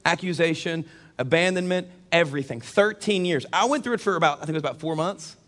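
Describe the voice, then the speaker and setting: Middle-aged man, pastor, sermon, quick delivery, slightly high voice, jokey storytelling. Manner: animated, jokey storyteller who addresses the congregation.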